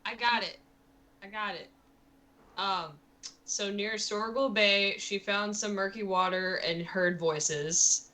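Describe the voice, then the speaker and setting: A woman's voice: medium pitch, steady tone, slow pace, pushed and bright. A woman playing a tabletop game with friends, chatting casually, laughing often and swearing now and then. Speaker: player. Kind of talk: casual tabletop play chat.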